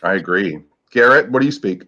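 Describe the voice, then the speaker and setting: A man's voice: fairly low pitch, lively intonation, fairly quick, bright, forceful tone. Jokey Michigan man co-hosting a live podcast, casual storyteller, muffled recording. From Michigan, USA. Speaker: podcast co-host. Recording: dull lo-fi sound.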